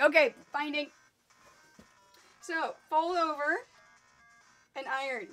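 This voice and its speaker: High, bright young woman, chatty live craft host, faint music behind. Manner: chatty, quick, thinking aloud. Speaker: quilting livestream host. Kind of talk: casual live tutorial.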